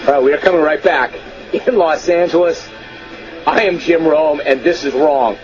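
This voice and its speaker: A man's voice: fairly high pitch, normal speed, faint music behind. A man hosting a radio talk show, reading listener emails aloud in a brash, amused, mock-exasperated way. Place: radio studio. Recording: dull lo-fi radio broadcast.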